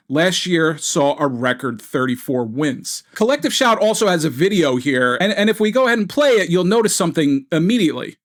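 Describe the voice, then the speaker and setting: A man's voice: a little high, fairly bright tone. A man giving an indignant, rambling gaming commentary full of fillers and restarts. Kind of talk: video commentary.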